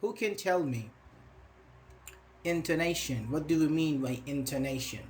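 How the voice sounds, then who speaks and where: Chatty male English teacher, higher voice. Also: lively intonation, unhurried, a little mellow, a little hiss or hum. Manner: chatty, reads student comments aloud and praises them. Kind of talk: live online grammar lesson.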